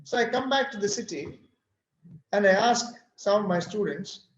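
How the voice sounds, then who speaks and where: A man's voice: high-pitched, normal speed. A man from India with an Indian English accent, speaking at a workshop and telling stories animatedly while acting out the dialogue. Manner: animated storyteller who acts out dialogue. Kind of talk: storytelling talk. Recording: roomy, dull-sounding recording.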